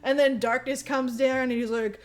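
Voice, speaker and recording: A woman co-hosting a podcast, recapping a movie in casual, profane, rambling chat and acting out the characters in quick voices. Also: high-pitched, fairly even intonation. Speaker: podcast co-host.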